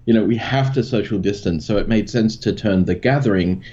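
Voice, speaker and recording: Aussie guy guesting on a podcast, low mellow voice, kinda muffled lo-fi audio. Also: a little fast. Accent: Australian. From Australia. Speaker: guest, content creator. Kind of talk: casual interview chat.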